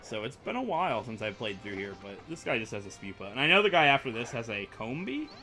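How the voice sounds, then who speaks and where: A man's voice: mid-range voice, very animated, fast talker, bright, forceful tone, soft background music. A young man rambling through let's play commentary, chatty and self-mocking as he plays. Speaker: gaming YouTuber.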